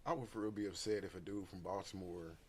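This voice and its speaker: A man's voice: low-pitched, steady tone, fast talker, slight background noise. A man co-hosting a casual sports talk stream, easygoing and amused. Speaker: podcast co-host.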